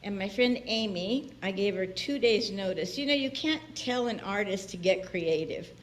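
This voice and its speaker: At a normal speed and medium pitch, a woman guest minister talks through a conversational sermon in the church sanctuary, with a little hiss or hum present. She laughs often and acts out the people she's quoting.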